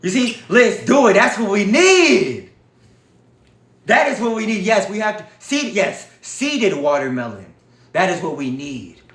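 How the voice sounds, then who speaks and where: A man hosting a livestream, talking in an animated, profane, preachy way. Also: high-pitched, a little slow, reverberant. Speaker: livestream host. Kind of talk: casual livestream talk.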